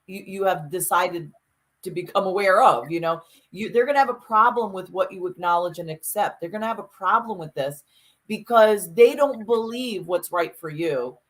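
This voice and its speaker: A woman co-hosting a podcast, talking in a hesitant way and restarting her thoughts as she goes. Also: medium pitch. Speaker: podcast co-host. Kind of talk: casual podcast chat.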